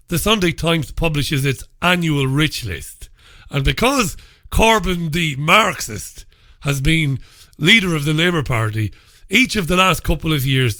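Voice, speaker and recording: Talk show host, male, sarcastic newspaper commentary, bright voice, dry close sound. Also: fairly high pitch, no room sound. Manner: sarcastic and mocking, laughs at his own stories; blunt and profane. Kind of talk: solo commentary reviewing newspapers.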